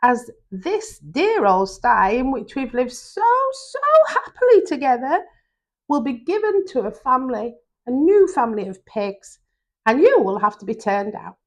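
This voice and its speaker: A woman voicing an old, feeble mother pig who speaks slowly and earnestly to her piglets in a storybook reading. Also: on the high side, sing-song, voice pushed up, heavily acted. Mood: tender, anxious. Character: old feeble mother sow, tender and worried.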